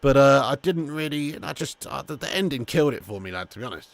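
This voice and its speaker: A man hosting a live football watch-along, chatting casually to viewers, swearing freely, and getting loud when calling goals. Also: mid-range voice, animated, quick pace, creaky, no room sound. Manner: casual, laddish, swears freely, calls viewers mate and lad. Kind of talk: live streamed football commentary and chat.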